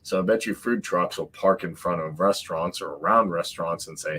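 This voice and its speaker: Male podcast host, very low voice, blunt emphatic commentary. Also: a little fast, few pauses, fairly bright tone, husky. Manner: emphatic, repeats points, mocking asides.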